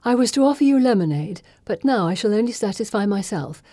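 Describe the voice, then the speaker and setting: A woman's voice: mid-range voice, animated, brisk, mellow, no echo, pitched above the performer's own voice, natural voice. A woman voicing a theatrical, playful young society lady who trills her lines.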